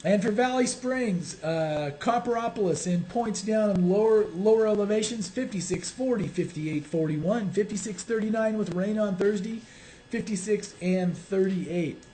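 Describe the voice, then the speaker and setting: Hoarse man reading the weather. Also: high-pitched, mellow, slight background noise, poor audio. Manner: halting, reads forecast numbers in quick runs. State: hoarse, froggy voice. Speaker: co-host reading local news and weather. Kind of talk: casual local news show.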